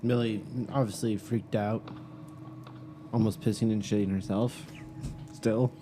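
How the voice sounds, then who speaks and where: A person telling a scary story at a slow pace, with a teasing manner. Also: medium pitch, fairly even intonation, noisy background.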